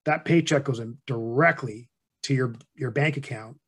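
This is a middle-aged man, speaking at an ordinary mid pitch. He explains saving habits like a patient advisor, steady and a bit monotone, in relaxed conversational podcast talk. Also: moderate pace, breathy edge. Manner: monotone, plain-spoken explainer. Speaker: financial advisor guest. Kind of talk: casual podcast interview.

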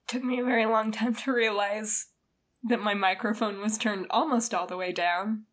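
A woman's voice: mid-range voice, fairly even intonation, normal speed, fairly bright tone. A woman co-hosting a podcast, giving frank, wry opinions in casual chat. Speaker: podcast co-host.

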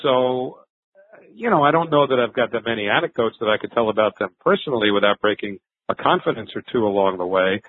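A man's voice: medium pitch, animated, a little fast, dry recording. An older man, a veteran sports broadcaster, telling stories in a conversational interview, with fillers and restarts. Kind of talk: reflective interview answers. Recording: thin phone-like line.

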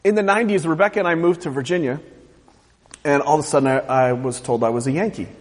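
Male pastor, high lively voice, joking with the congregation, echoing church hall. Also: quick pace. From US West Coast. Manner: animated, joking, asks the congregation questions. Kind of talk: sermon. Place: church sanctuary.

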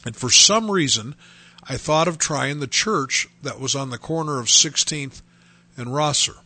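Earnest man giving a halting personal testimony. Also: medium pitch, sharp tone, slightly rough. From North Dakota. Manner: halting, earnest storytelling with many restarts.

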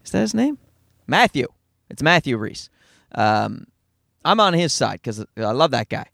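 A middle-aged man with a Newfoundland accent, a stand-up comedian talking fast and profanely in a rambling, self-deprecating monologue from his car. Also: medium pitch, very animated, gravelly, a bit bright, dry recording, studio quality. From Newfoundland, Canada. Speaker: stand-up comedian, podcast host.

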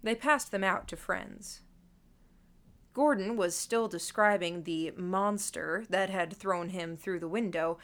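A woman's voice: medium pitch, takes it slowly, fairly bright tone. A woman reading a first-person audiobook in a dry, wry storytelling manner. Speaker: narrator.

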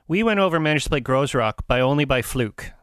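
A man's voice: medium pitch, lively intonation, fast, a bit bright, clean tone, no room sound, studio quality. A man hosting a podcast, chatting casually and rambling, with many fillers and restarts. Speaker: podcast host. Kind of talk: casual interview and show wrap-up.

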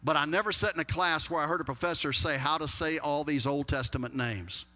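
A Texas-accented pastor preaches a sermon in a slightly high, sharp voice at a slightly fast pace. He's folksy and emphatic, with humorous asides, and the recording carries long hall reverb.

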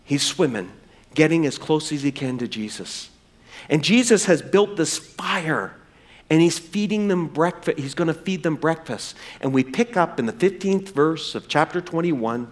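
Guy preaching in church, voice jumps all over, goes big then drops way down quiet. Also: fairly high pitch, expressive. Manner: dramatic swings from loud emphasis to hushed, drawn-out words; acts out quoted dialogue in raised voice. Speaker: pastor. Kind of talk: sermon.

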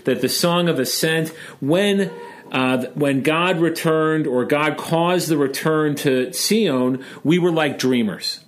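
A Chicago man with a voice on the high side hosts a casual discussion of Jewish texts, speaking slowly. He's chatty and joking, and at one point he retells a story.

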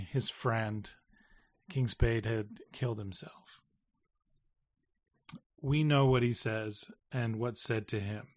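A man hosting a casual review chat, enthusiastic and emotional, joking about his age. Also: medium pitch. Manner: enthusiastic, emotional, self-deprecating.

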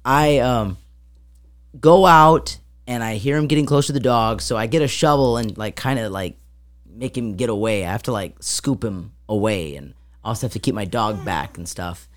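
A woman's voice: extremely low pitch, normal speed. A woman co-hosting a casual chat, telling a long story with lots of fillers and acted-out sounds. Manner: rambling with many fillers, acts out sounds. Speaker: podcast co-host.

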